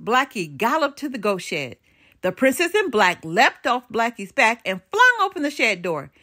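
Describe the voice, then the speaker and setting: An older woman reading a children's storybook aloud with expressive, animated storytelling and dramatic pauses. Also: fairly high pitch.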